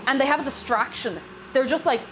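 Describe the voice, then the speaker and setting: High-voiced chatty Irish woman. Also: fairly quick, fairly bright tone, a little hiss or hum. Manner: chatty, rambling with asides and self-corrections. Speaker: streamer baking live. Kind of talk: casual chat reading out viewer messages. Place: home kitchen.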